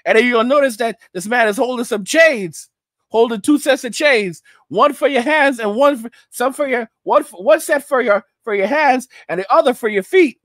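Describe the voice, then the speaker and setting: A man with a strikingly high, fairly bright voice rants at normal speed on a commentary livestream and reads viewer chat aloud. The close, dry recording has no room sound. He's emphatic, hammers the same phrases, keeps asking "all right?", and slips into mocking put-on voices.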